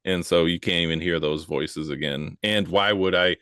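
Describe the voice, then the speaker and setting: A man with a very low, deep voice speaks earnestly, pausing and filling gaps as he searches for words. The recording is close and dry. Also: fairly bright tone, clear, resonant tone, dry recording. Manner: earnest, halting, lots of fillers. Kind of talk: casual podcast discussion.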